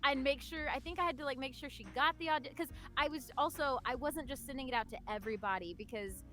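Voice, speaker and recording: A woman's voice: high voice, fast, sharp tone, soft background music. A woman voice director chatting casually on a panel, bubbly and full of "like" and laughter.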